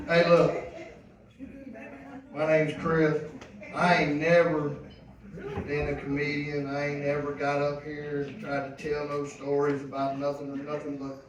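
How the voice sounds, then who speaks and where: A first-time comedian telling a story on stage, animated and colloquial, laughing as he goes. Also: a little high, normal speed. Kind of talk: stand-up storytelling. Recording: echoey club from far off.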